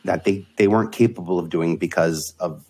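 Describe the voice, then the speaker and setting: Cast: man, forties, slightly low husky voice, candid guest who laughs easily. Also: a little fast, warm tone. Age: 40s. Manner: candid, laughs often, restarts phrases. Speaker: podcast guest. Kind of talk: casual conversation.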